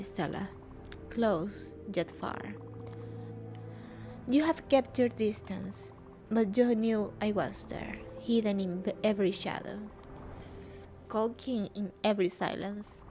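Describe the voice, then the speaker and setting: A woman voicing a solemn shadow spirit that has lurked unseen, speaking slowly and gravely. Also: medium pitch, a little mellow. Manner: slow, grave, measured reading.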